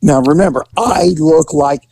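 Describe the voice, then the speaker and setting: A middle-aged man telling a story in casual chat, acting out voices with big jumps in pitch. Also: a little slow, warm tone, no room sound, rough recording.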